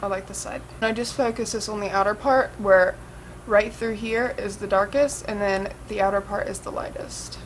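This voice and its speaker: A woman's voice: mid-range voice, fairly even intonation, moderate pace, a little hiss or hum, low-quality recording. A young woman chatting casually through a makeup tutorial, swearing and saying "like" and "um" a lot. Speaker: makeup vlogger.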